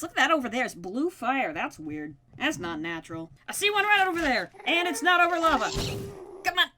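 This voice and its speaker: A woman's voice: a little high, big pitch swings, a little fast, sharp tone. A woman casually narrating her modded game, playfully taunting mobs and talking herself through crafting. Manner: playful, talks to mobs, mock-dramatic taunts. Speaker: gamer narrating her play. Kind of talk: casual let's-play commentary.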